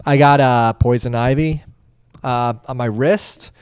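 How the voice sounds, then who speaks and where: Young male co-host, easygoing rambling chat, mid-pitched and dry. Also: fairly even intonation, unhurried, smooth, no echo. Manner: laid-back, lots of fillers and laughs. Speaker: podcast co-host. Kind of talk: casual chat.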